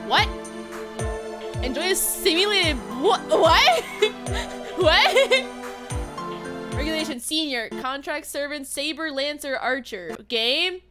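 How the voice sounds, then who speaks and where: Woman, gaming livestream chat, high-pitched, excitable and theatrical, background music. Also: a little slow, pauses often. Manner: excitable, dramatic outbursts and playful whining. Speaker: streamer. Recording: stream audio with music playing underneath.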